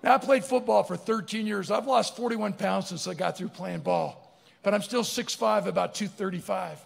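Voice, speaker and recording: High, gravelly male keynote storyteller. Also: moderate pace. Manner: comic, animated storyteller acting out voices. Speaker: keynote speaker. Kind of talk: motivational storytelling speech. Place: large barn event venue, live audience. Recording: long hall reverb.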